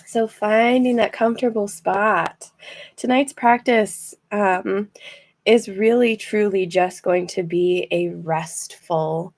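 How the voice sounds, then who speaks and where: Slow, gentle woman guiding relaxation. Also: medium pitch. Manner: slow, gentle and encouraging, with frequent laughs and fillers. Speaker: relaxation practice leader. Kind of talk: guided relaxation session. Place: seated in a chair.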